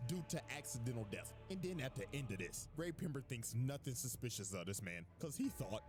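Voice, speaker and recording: Animated man telling a crude comedy recap. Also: medium pitch, fairly quick. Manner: animated storytelling with crude slang. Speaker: narrator. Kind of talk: comedic anime recap narration. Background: music.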